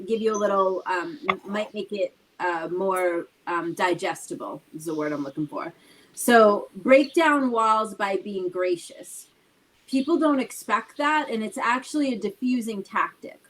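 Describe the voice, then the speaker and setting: A woman's voice: mid-range voice, expressive, measured pace, low-quality recording. A woman co-hosting a motivational chat show, talking in a casual, emphatic way. Her mid-range voice keeps coming back to rhetorical questions as she lays out her points. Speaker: co-host.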